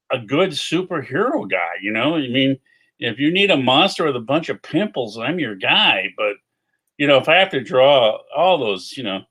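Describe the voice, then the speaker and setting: A man chatting as a guest artist, animated and self-deprecating in casual conversation. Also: mid-range voice. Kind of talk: casual chat.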